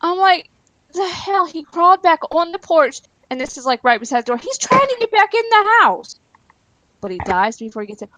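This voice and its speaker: A woman's voice: extremely high pitch, sing-song, a little fast, bright, forceful tone, dry recording, rough recording. A woman in casual chat, laughing often and telling emotional stories.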